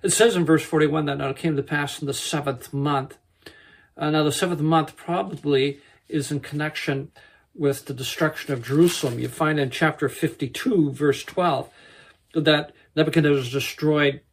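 A man teaching verse by verse through a Bible book, unhurried and halting, with many pauses and self-corrections. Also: on the high side, steady tone, slightly rough.

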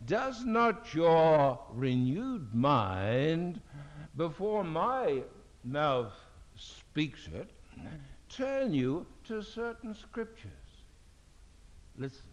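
An older preacher delivers a sermon at a very unhurried pace, drawing each phrase out with weight. His pitch rises and falls in lively sweeps as he leans on key words. The old recording sounds dull and muffled. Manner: slow, deliberate, emphatic, with solemn scripture reading. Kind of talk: sermon at a fellowship meeting.

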